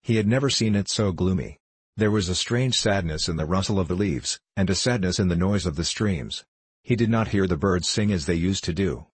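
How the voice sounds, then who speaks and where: Man, storybook narration, measured, low husky voice. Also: no echo. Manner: steady, measured reading.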